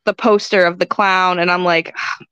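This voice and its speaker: A woman's voice: lowish voice, little pitch movement, normal speed, a bit bright, clear, resonant tone, dry recording, lo-fi sound. A woman guest on a podcast, chatting bluntly, laughing easily and swearing casually.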